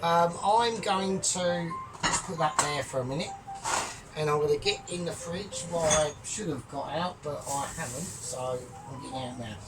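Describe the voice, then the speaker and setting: A man with a put-on Scottish accent hosting a casual home cooking vlog, jokey and boastful with loud bursts. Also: on the high side, moderate pace. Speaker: cooking channel host. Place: home kitchen. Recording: distant mic, music behind.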